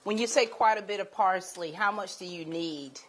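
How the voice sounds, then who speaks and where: A woman hosts a cooking segment on local TV, upbeat and quick to laugh. She keeps things moving with short, encouraging replies. Pots and cutlery clatter clearly in the background. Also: medium pitch, a little hiss or hum. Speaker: TV host. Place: TV studio kitchen. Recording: kitchen clatter clearly behind.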